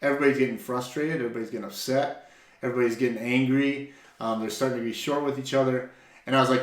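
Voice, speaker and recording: Speaking fast at a medium pitch, this man co-hosts a relaxed faith podcast and narrates a story animatedly. He keeps restarting sentences, doubling up words whenever a new thought starts, all in an echoey room.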